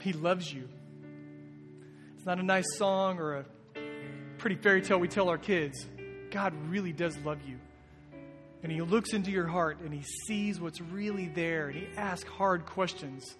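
A man's voice: sits high, moderate pace, pauses often. A man preaching a sermon as a pastor, in an earnest, conversational way. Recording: long reverb with soft guitar behind.

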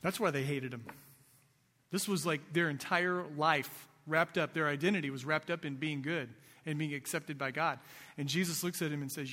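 A man's voice: a little high, normal speed, sharp tone. A male pastor preaching a sermon in a conversational way, asking his listeners rhetorical questions. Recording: long reverb of a large hall.

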